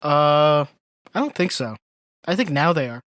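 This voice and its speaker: A man's voice: fairly high pitch, lively intonation, a little slow, fairly bright tone, dry recording. Dry podcast guy with one-liners. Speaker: podcast co-host. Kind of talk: casual chat.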